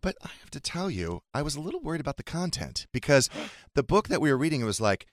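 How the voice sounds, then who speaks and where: A man hosting a podcast, telling stories in a casual, animated and teasing way. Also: on the high side, fast talker, dry recording, studio quality. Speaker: podcast host.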